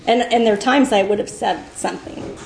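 A woman's voice: medium pitch, fairly quick, gravelly, background noise. A woman in her fifties sharing her story at a recovery meeting, rambling with many fillers and laughing through emotion. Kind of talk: personal share at a meeting. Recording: echoey room.

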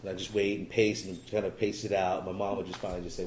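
Middle-aged man, lowish voice, rambling self-deprecating testimony with wry humor, echoey room with faint hiss. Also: level tone, fast talker, darkish tone. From California. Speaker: recovery meeting speaker. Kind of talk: personal testimony talk.

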